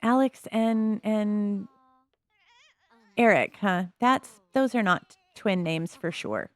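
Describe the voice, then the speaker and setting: A woman chatting casually as she plays a life-simulation game, musing aloud with soft laughs. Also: medium pitch, lively intonation, very slow, pauses often, no room sound. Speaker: gameplay commentator.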